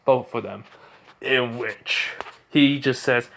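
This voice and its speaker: A man's voice: mid-range voice, slow, gravelly, a bit bright. A man improvising a fan-fiction story aloud, rambling with many fillers and self-corrections.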